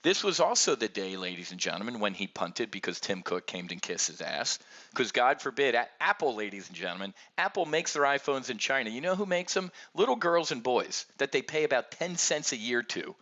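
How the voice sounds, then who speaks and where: A man's voice: mid-range voice, pushed and bright, muffled recording. A man giving blunt, sarcastic market commentary on options trading, ranting and addressing viewers directly.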